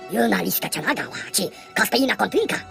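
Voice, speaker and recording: A woman's voice: medium pitch, expressive, fast, vocal fry, a bit bright. A woman voicing an alien scavenger who chatters in a made-up tongue, in a game cutscene. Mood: chattering. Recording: game cutscene with music behind.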